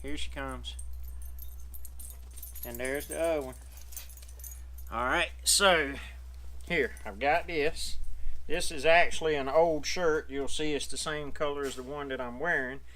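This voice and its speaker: A man's voice: a little high, fairly even intonation, measured pace, pauses often, fairly bright tone. A man talking casually to the camera outdoors about his dog, folksy and rambling, slightly out of breath. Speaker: dog owner vlogger.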